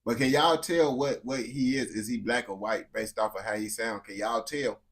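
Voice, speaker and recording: A man's voice: mid-range voice, fairly even intonation, normal speed. A young man talking loosely to his chat while reacting to a video, rambling and calling everyone bro. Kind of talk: casual live reaction chat.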